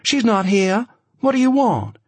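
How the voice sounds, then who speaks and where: Testy young woman, man doing her, curt, sharp, dry close sound. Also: sits high, sing-song, measured pace, no echo, pitched above the performer's own voice, exaggerated voice. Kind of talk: audiobook narration.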